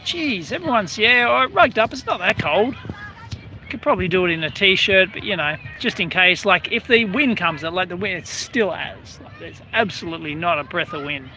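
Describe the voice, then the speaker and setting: A man's voice: sits high, lively intonation, moderate pace, bright, forceful tone. An Australian man hosting a casual outdoor live stream, chatting and greeting viewers by name in a rambling way. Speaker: livestream host.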